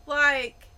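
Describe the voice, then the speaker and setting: Woman podcast host, bright voice, blunt and fired up, cusses a lot. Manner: blunt, swears freely, heated and emphatic. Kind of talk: opinionated podcast monologue.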